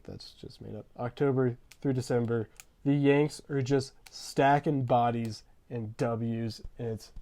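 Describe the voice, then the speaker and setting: A young man giving a jokey, slangy history rundown over gameplay, with deadpan asides. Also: lowish voice.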